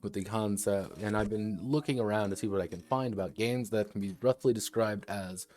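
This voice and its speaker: A man with a fairly low voice talks through game design ideas on a casual livestream. He rambles and digresses, thinking aloud as he goes. Faint music plays softly behind him. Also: brisk. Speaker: tabletop game designer and streamer.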